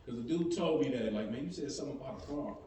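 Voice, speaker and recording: A man's mid-pitched voice comes from across an echoing room with steady noise behind it. He asks questions haltingly, pausing and restarting as he looks for the right words. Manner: hesitant, searching for words. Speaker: student. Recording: roomy and noisy, voice away from the mic.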